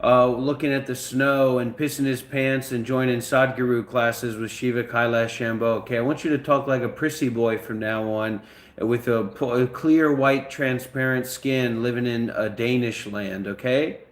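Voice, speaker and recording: Male host, casual talk, demanding and profane, mid pitch, echoey room recording. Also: steady tone, moderate pace. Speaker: channel host.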